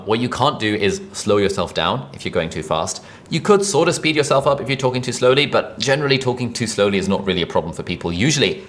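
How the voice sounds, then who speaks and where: A man giving a conversational direct-to-camera tutorial on presenting, energetic and quick, recorded with a videographer. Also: sits low, a little hiss or hum. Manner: fast, energetic, conversational delivery. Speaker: online video coach.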